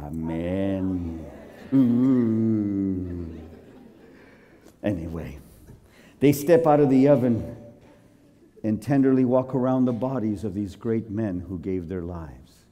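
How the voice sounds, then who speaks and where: Animated preacher in a reverberant hall. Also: male voice, lowish voice, a little slow, pauses often. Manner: acts out characters, laughs, shouts at climaxes. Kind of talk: dramatic sermon storytelling.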